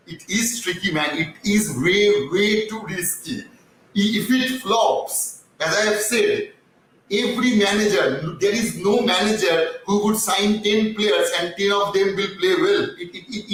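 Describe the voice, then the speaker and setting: A man's voice: high voice, a bit bright, slight background noise. A man with a cracked voice, hosting a casual football fan chat and rambling with repeated words and fillers. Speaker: fan channel host. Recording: distant mic in a very echoey room.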